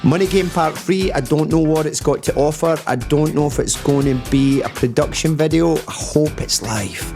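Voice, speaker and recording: A man's voice: medium pitch, a little mellow. A Scottish man hosting a reaction video, chatting in a rambling, casual way. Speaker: reaction channel host. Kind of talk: casual chat.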